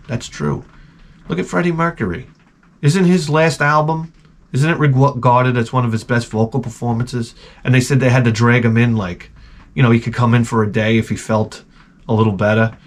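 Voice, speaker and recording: Middle-aged male host, casual comedic rant, swears freely, stumbles and restarts, mid-pitched voice. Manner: profane, rambling, self-mocking storytelling with stammered restarts. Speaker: show host.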